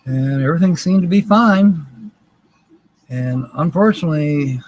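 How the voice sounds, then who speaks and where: A man hosting a live stream, talking to his viewers in a rambling, folksy way. His voice sits a little high for a man, and he cracks jokes as he goes. A faint ambient hum runs underneath. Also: expressive, unhurried, darkish tone, low-quality recording. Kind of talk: casual live stream chat.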